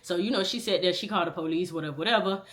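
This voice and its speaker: A young woman telling a candid personal storytime in slangy, animated talk, swinging from loud outbursts to low mutters. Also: rapid-fire, background noise.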